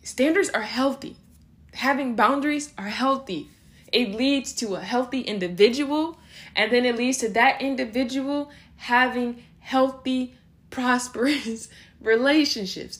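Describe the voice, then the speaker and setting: A young adult woman hosting a casual faith-based podcast, talking in an animated way, often laughing between phrases and slipping into acted voices. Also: a little high, measured pace. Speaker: podcast host.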